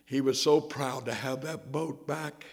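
At a measured pace, a man with a mid-range voice, fairly even intonation, and vocal fry preaches. His sermon carries an emotional story that climbs toward passionate appeals, and he sings a short bit of a hymn.

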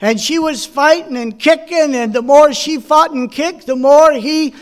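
High-voiced man preaching with folksy stories. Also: a little slow. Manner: folksy storytelling with personal anecdotes; asks the congregation questions. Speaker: pastor. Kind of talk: sermon.

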